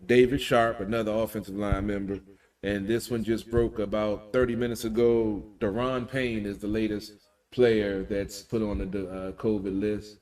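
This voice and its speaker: A man's voice: lowish voice, level tone, moderate pace, a little mellow, distant mic. A man co-hosting a casual talk radio show, breaking down football news in an emphatic, slangy way.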